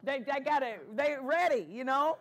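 A woman's voice: sits high, expressive, moderate pace, a bit bright. A woman pastor preaching a sermon, emphatic and repeating key phrases, asking the congregation for amens.

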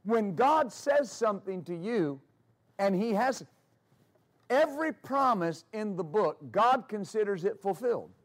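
High-voiced man preaching a sermon. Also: lively intonation, unhurried. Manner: preaching with emphatic repetition; storytelling asides with fillers. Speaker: pastor.

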